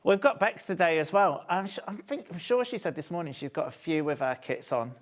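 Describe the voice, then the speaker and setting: A man's voice: fairly high pitch, lively intonation, brisk. A man, hosting a live TV shopping show in a studio with upbeat, chatty sales patter. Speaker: shopping channel presenter.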